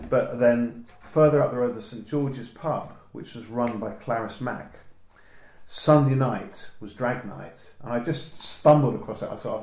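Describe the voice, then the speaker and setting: A man's voice: mid-range voice, normal speed, creaky, darkish tone, echoey room, poor audio. A man with a southern English accent, a photographer telling meandering stories in a casual interview. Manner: meandering, chatty storytelling.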